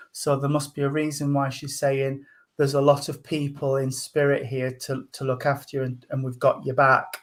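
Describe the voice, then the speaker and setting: Gentle man giving a psychic reading. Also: medium pitch. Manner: gentle, hesitant, full of ums and endearments. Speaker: spiritual medium.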